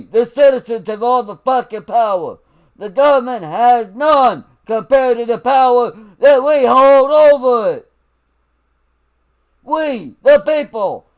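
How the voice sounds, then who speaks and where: A man from the United States shouting a profane political rant, lecturing in a drill-sergeant manner. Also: extremely high pitch, smooth. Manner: slow, emphatic, lecturing. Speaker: vlogger.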